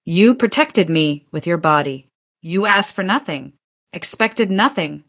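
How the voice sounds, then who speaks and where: Woman reading calm, dignified older woman in her seventies, steady firm delivery. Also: fairly low pitch, unhurried, exaggerated voice. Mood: solemn.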